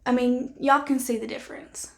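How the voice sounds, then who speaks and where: Woman doing a makeup try-on vlog, kinda high voice, talks to the camera while she works, goes quiet and whispery when she concentrates. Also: fairly even intonation, moderate pace. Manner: chatty and candid, thinking aloud while applying makeup. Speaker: beauty vlogger.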